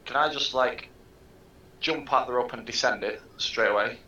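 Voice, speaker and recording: Guy playing a tabletop game, bright sharp voice, kinda unsure, echoey room. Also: medium pitch, normal speed, highs cut off. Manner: hesitant, questioning. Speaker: player. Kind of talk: casual chat at a game table. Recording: echoey room with faint noise.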